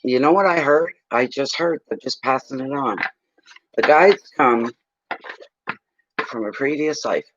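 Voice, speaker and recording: A man's voice: mid-range voice, unhurried, pauses often, highs cut off, background noise. A man doing a casual livestream tarot reading, telling blunt, salty stories between questions. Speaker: tarot reader.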